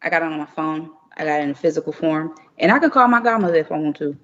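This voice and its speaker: A woman's voice: deep voice, animated, quick pace, a bit bright. A young woman talking candidly and emphatically in a casual chat, often laughing. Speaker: podcast guest. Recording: muffled remote audio with long reverb.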